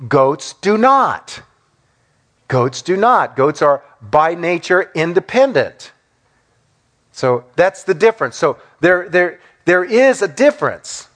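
A male preacher delivers an animated sermon. His voice sits a bit high and rises and falls a great deal. He keeps asking his listeners rhetorical questions and briefly acts out the people he quotes. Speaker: pastor.

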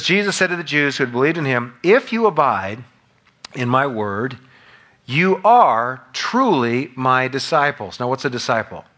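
A pastor with a higher, pushed and bright voice preaches a sermon, reading scripture aloud and explaining it verse by verse. At times he acts out the scene in this expository style.

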